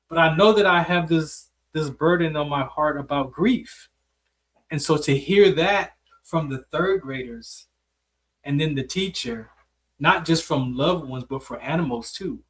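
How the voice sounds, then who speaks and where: A man with a fairly high voice hosts a casual interview. He tells stories in a reflective, rambling way, leaning on "like" and "man". His voice sounds a little far from the microphone. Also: normal speed, a bit bright. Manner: storytelling, reflective, uses "like" and "man" often. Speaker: host.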